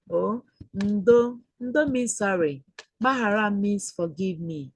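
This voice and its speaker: A woman teaching Igbo words to children in a webinar, repeating phrases slowly and patiently. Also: medium pitch, breathy edge, dry recording, rough recording. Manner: slow, repetitive teaching with drawn-out Igbo phrases. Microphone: computer mic on a video call.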